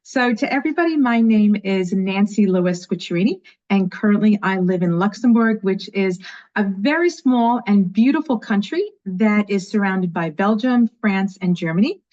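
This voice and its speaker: A woman in her fifties from New York, with a New York accent, talking as an enthusiastic, energetic guest in an interview. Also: medium pitch, normal speed. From New York, USA. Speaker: guest, education leader. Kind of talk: casual interview chat. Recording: dull lo-fi audio.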